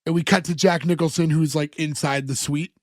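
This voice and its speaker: On the high side with fairly even intonation and a brisk pace, this male co-host runs through a TV episode on a podcast, quoting the characters as he retells scenes. It's a dry, studio-quality recording.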